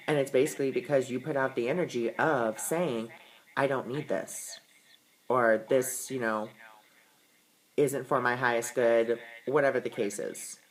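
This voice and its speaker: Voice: mid-range voice, measured pace, pauses often, poor audio. Earnest voice explaining tarot cards. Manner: earnest, reassuring, repeats words for emphasis. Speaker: tarot and oracle card reader. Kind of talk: casual explanatory talk to camera.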